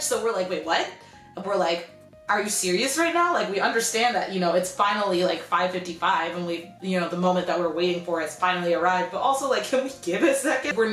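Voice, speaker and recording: A young woman telling a story in a casual vlog, chatty and animated, with "like" in nearly every sentence. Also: on the low side, roomy sound. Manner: chatty, animated, heavy use of "like". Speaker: vlogger.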